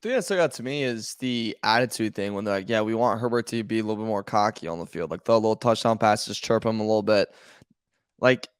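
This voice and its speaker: A man's voice: fairly low pitch, quick pace, clear, resonant tone, no echo, studio quality. A man co-hosting a sports podcast in a rambling way, full of fillers and restarts. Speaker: podcast co-host. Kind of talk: casual sports talk.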